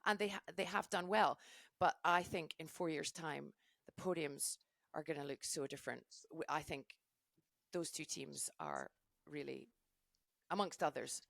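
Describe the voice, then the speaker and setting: Woman, middle-aged, low and gravelly, dry close sound, gushing podcast guest. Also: moderate pace, no echo. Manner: gushing, animated storyteller with many restarts. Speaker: skimo race commentator, guest. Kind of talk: casual podcast chat.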